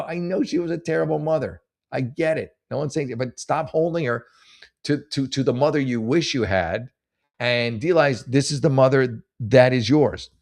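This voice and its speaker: A man's voice: medium pitch, darkish tone. A man hosting a casual comedy advice show, rambling sarcastically with profanity and stammered restarts. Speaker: podcast host giving advice. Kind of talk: casual comedic advice chat, reading posts aloud.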